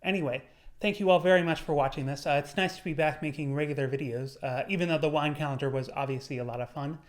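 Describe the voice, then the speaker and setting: A young man giving an earnest, measured motivational talk on his video channel, slowing down on key words. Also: a little high, steady tone. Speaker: YouTuber. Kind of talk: motivational vlog monologue.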